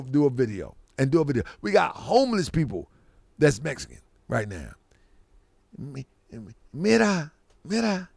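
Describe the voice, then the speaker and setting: Man, casual live-stream host, rambling, raised pitch, dry close sound. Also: vocal fry, no echo. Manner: rambling and animated, with bursts of loud laughter.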